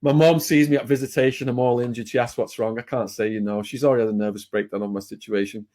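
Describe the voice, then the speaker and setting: A man's voice: medium pitch, steady tone, quick pace, darkish tone. A man with an English accent tells his story as a podcast guest, in a mid-range voice. He talks bluntly and plainly, falling into fillers and restarts as he goes. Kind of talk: casual storytelling.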